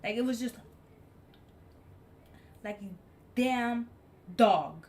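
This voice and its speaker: A woman live streamer telling a story in casual chat, blunt and animated, swearing freely. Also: a little high, very slow.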